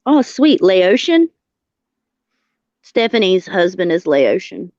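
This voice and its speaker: A woman's voice: medium pitch, very animated, slow, a little mellow, no echo. A woman with a Southern US accent, a guest on a live stream, folksy and full of homespun sayings. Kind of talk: casual live stream chat. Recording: dull dry lo-fi audio.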